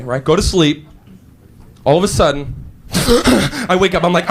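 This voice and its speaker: A man performing stand-up comedy, animated and loud, acting out scenes on a stage before a large audience. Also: on the high side, moderate pace, a little hiss or hum. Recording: live show with crowd laughter.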